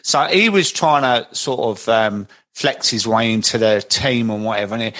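A man's voice: on the low side, normal speed, a bit bright. A man hosting a podcast, telling anecdotes in a chatty way and often checking in with "right?". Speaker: podcast host. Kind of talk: candid podcast conversation.

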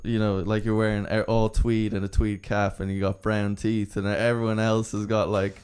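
A man's voice: lowish voice, flat delivery, moderate pace, a little mellow, clear, resonant tone. A young man with an Irish accent, rambling through anecdotes in casual chat and laughing at his own stories. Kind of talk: casual storytelling.

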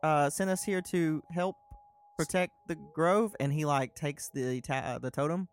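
A man's voice: on the high side, measured pace. A man playing a tabletop game, talking hesitantly with stammers and fillers. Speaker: player. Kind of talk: tabletop game play, in and out of character.

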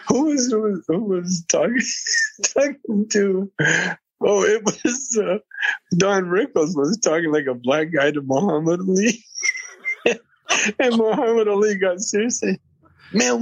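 Guest, 80s man from Canada: rambling and laughing storyteller, husky voice, dry sound. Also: a little high, dry recording, dull audio. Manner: rambling, laughing, with many restarts. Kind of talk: casual storytelling interview.

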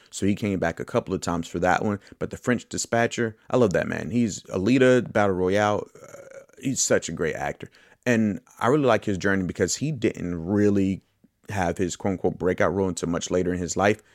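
Male podcast host, very low voice, dry close sound; casual, rambling, keen. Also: no echo. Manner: rambling, enthusiastic, self-correcting. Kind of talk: casual movie podcast monologue.

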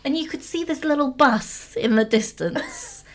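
Woman, animated anecdote teller, light higher pitch, frequent laughter. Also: unhurried. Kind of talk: storytelling anecdote.

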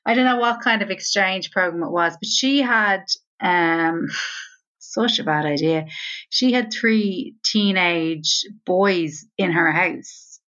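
A woman's voice: fairly low pitch, takes it slowly, a bit bright. A woman with an Irish accent, co-hosting a podcast and telling rambling anecdotes with casual swearing. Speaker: podcast co-host. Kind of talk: casual chat. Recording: slightly dull, lo-fi audio.

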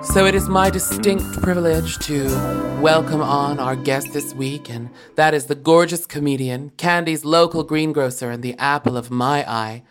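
A man co-hosting a comedy podcast in character, talking in a mock-earnest, deadpan way. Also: fairly high pitch, moderate pace, hardly any pauses, over music. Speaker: co-host in a comic persona. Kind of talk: deadpan comic role-play.

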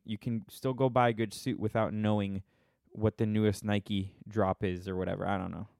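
A man's voice: mid-range voice, dry recording, clean studio sound. Joking, sarcastic man rambling on a live stream. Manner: joking, sarcastic, self-mocking, frequent restarts. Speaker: podcast host on a live stream. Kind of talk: casual rambling monologue. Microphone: phone.

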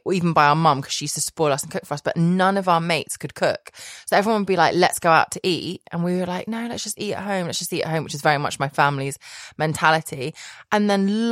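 A woman's voice: low-pitched, no room sound, clean studio sound. A woman guest telling a long rambling story in casual chat, laughing often and correcting herself. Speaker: podcast guest, private chef.

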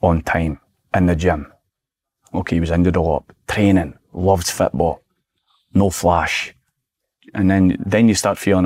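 A Scottish former footballer in his forties chats as a guest on a podcast, animatedly telling stories and acting out things he used to say. His voice is deep and husky, and he speaks unhurriedly with long pauses.

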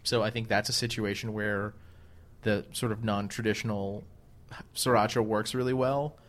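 Male co-host, lower register, loose rambling delivery full of fillers and restarts. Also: steady tone, normal speed, fairly bright tone. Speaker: podcast co-host. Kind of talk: casual chat.

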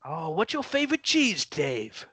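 A jolly, bumbling old Father Christmas with a booming ho-ho laugh, as a man puts him on. The voice sits fairly high and swings widely in pitch. It comes across in a dry, close sound with no room echo. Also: huge pitch swings, measured pace, fairly bright tone, husky, heavily acted. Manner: bumbling, playful. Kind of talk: comedy podcast skit.

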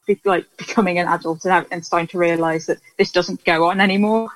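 A woman's voice: on the low side, fairly even intonation, brisk, low-quality recording. A woman co-hosting a podcast, chatting casually and hesitantly with lots of fillers and restarts. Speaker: podcast co-host. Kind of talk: casual chat about an old TV series.

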